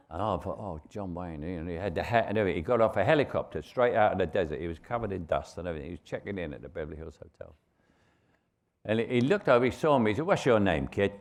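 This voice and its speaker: An older man with a London Cockney accent, a veteran actor telling anecdotes on stage as a relaxed raconteur. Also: fairly low pitch. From England. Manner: relaxed raconteur, frequent restarts and chuckles.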